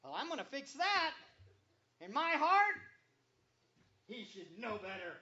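A man's voice: very high-pitched, big pitch swings, measured pace, sharp tone, exaggerated voice. A preacher acting out a smug, self-righteous man who is hosting a party, on a dull lo-fi recording. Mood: indignant. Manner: indignant, self-important.

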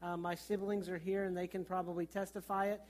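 A man's voice: high voice, flat delivery, a little fast, a little mellow. A middle-aged man, a pastor, preaching a sermon and telling funny childhood stories. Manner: storytelling with humor and vivid childhood anecdotes.

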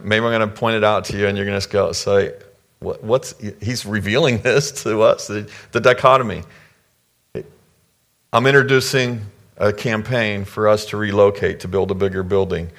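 A man's voice: on the low side, fairly bright tone. A middle-aged male pastor giving a conversational sermon to his church, acting out the people he quotes with sudden jumps in voice.

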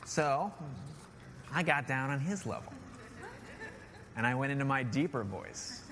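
A man in his thirties preaches with earnest conviction, circling back to his key lines and checking in with "right?" His mid-pitched voice carries a long reverb through a church hall. Faint background noise sits under it. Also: expressive, unhurried, a bit bright. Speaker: pastor. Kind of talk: sermon.

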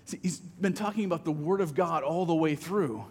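A man's voice: on the high side, normal speed, a little mellow, breathy edge, big-room sound. A man preaching a sermon as pastor, conversational, often repeating words as he starts a phrase.

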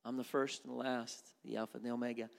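A man voicing God as calm and all-knowing, speaking softly and slowly. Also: mid-range voice, gravelly, big-room sound, close to an everyday voice. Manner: soft, slow and reassuring.

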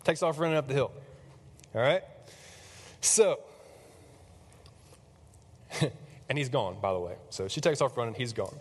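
Animated preacher in a reverberant hall. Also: male voice, medium pitch, measured pace, pauses often, breathy edge. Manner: animated, chatty, lots of fillers and voices. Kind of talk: casual storytelling sermon.

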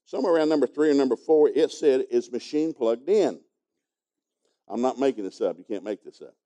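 A man's voice: mid-range voice, expressive, fast talker, mellow. A man preaching a sermon, telling a folksy story and chuckling as he goes. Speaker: pastor teaching a congregation.

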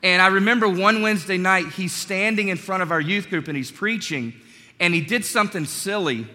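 Pastor guy preaching, bright voice a bit high, big echoey church hall, chatty storytelling. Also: fairly quick. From North Carolina. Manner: conversational, storytelling, animated asides. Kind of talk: sermon. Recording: long hall reverb.

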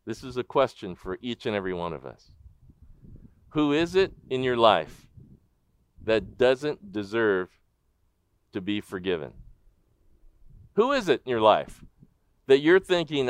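A man preaching a sermon as pastor, animated in his storytelling and asking the congregation direct questions. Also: mid-range voice, measured pace, long pauses, smooth, no echo. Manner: animated storytelling, acting out the crowd's disbelief.

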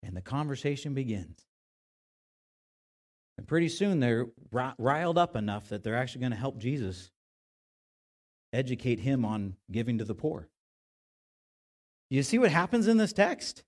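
A man's voice: medium pitch, sing-song, normal speed, long pauses, darkish tone. A male pastor giving a conversational sermon in a church, often asking his listeners rhetorical questions.

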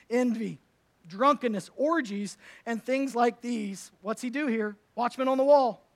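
A male pastor preaching a sermon at a church service, conversational and emphatic, swinging between loud declarations and soft asides. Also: sits high.

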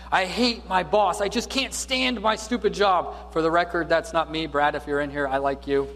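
A man preaching a sermon as a pastor, with dynamic preaching that swings from loud to hushed. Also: medium pitch. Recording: reverberant hall with faint mains hum.

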